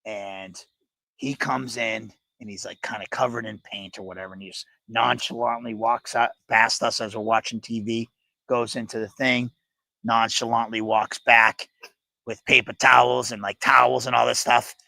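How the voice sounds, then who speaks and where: Gravelly, bright-voiced man telling stories. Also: mid-range voice, level tone, moderate pace, no room sound. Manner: profane, storytelling, reflective. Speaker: podcast co-host. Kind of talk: casual chat.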